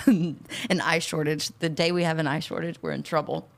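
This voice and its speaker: A woman's voice: deep voice, steady tone, normal speed, creaky. A woman co-hosting a podcast, chiming in with dry, teasing interjections in casual chat. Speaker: podcast co-host.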